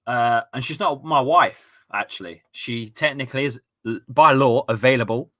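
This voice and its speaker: A man with an East Midlands accent hosting a live football watchalong at home, full of excitable, sweary, rambling banter. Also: mid-range voice, moderate pace. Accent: East Midlands English. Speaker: host of a fan watchalong stream.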